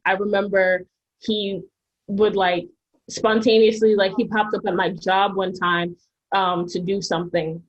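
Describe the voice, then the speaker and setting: A fairly low, husky woman's voice chatting casually on a panel. She rambles through personal stories with many "like"s and "um"s. The sound is a bit dull and lo-fi. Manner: chatty, storytelling, frequent "like" and "um". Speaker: podcast panelist. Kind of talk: casual debate chat.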